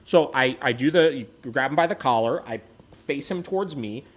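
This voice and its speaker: A young man casually telling a story as a dog-training podcast host, animated and swearing often. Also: normal speed. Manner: animated, swears often, mimics people in high voices.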